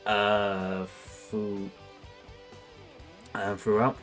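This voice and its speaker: A man's voice: lowish voice, flat delivery, extremely slow, a bit bright, soft background music. A young man chatting casually on a livestream, rambling and self-mocking, laughing often. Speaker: streamer.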